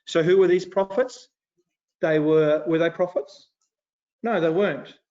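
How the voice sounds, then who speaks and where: Man teaching an animated Bible class. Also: fairly high pitch, a little slow. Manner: animated and conversational, with dramatized retelling. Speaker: Sunday school teacher. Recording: dull lo-fi recording.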